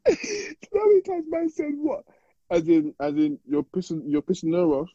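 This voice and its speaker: A man's voice: high voice, huge pitch swings, fairly quick, dark tone, husky, no room sound. A young man co-hosting a casual podcast, teasing in slang and repeating his jokes. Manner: teasing, repetitive slangy interjections. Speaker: podcast co-host. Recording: dull, dry lo-fi sound.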